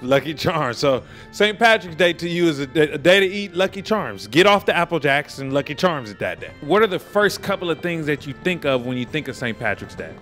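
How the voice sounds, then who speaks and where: A man's voice: on the high side, big pitch swings, a little fast, hardly any pauses, a bit bright, soft background music. A man hosting a man-on-the-street interview, joking and teasing the people he stops outdoors.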